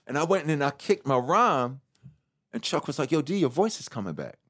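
A middle-aged man, a rapper as interview guest, telling his story candidly with profanity, restarts and acted-out quotes of other people. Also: a little high. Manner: animated, profane, acts out quoted dialogue; halting restarts and self-corrections.

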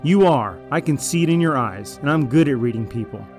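A man's voice: mid-range voice, lively intonation, brisk, darkish tone, faint music behind, close to an everyday voice. A man voicing a manipulative male raider in an audio drama, falsely friendly and then arrogant and threatening. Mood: smug, menacing. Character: smug, deceitful male raider, manipulative and menacing.

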